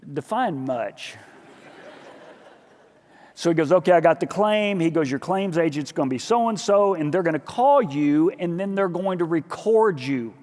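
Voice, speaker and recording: A man preaching a sermon as pastor, telling a story with lively acted-out dialogue. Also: a little high. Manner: animated storytelling, acting out dialogue in his own voice. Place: church sanctuary. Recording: church hall with long reverb.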